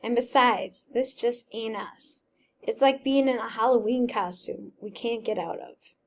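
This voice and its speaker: A woman's voice: a little high, measured pace, darkish tone. A woman reading a tearful fourteen-year-old boy. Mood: upset. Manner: plain reading voice with slight emotional lift.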